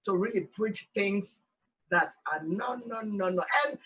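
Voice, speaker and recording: A woman from Sierra Leone with a Sierra Leonean accent, hosting an animated, emphatic talk monologue outdoors. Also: medium pitch, unhurried, distant mic, low-quality recording. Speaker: host. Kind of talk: casual talk show monologue. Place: outdoors in hot sun.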